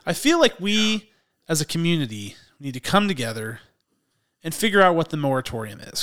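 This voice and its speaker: A man's voice: a little high, big pitch swings, fairly quick, a bit bright. A man co-hosting a casual movie-news podcast, chatty and rambling, who often restarts his sentences and laughs easily. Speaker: podcast co-host.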